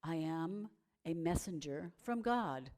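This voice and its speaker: A woman voicing a soft-spoken divine messenger. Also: sits low, lively intonation, takes it slowly. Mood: reassuring. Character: calm divine messenger speaking to a young woman.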